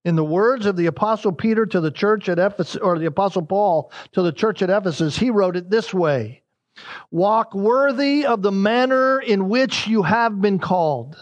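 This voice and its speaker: A man's voice: high-pitched, lively intonation, normal speed. A man preaching a verse-by-verse sermon, emphatic and repeating his key lines. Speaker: pastor.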